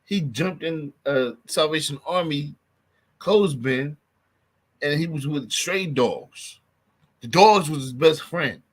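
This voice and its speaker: A man's voice: fairly high pitch, slow pace, slightly rough. A man hosting his own podcast, talking loosely in casual street slang and repeating himself for emphasis. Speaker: podcast host.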